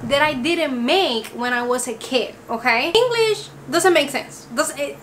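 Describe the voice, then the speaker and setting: A woman's voice: high-pitched, expressive, a little slow, noisy background. A woman with a Spanish accent, a native Spanish speaker, ranting casually to camera in an emphatic, exasperated way and often checking in with the viewer. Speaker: vlogger. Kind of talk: casual talking-to-camera rant.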